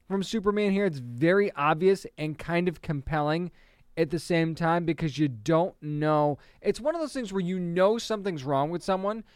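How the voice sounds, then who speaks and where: An eager man talking through comic books in a casual, chatty way, stumbling over words now and then. His voice is smooth and clear, sits a bit higher than most men's, and is recorded close and dry with no room sound. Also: dry recording. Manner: enthusiastic, chatty, with restarts and small laughs. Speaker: comic book reviewer. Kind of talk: casual review monologue.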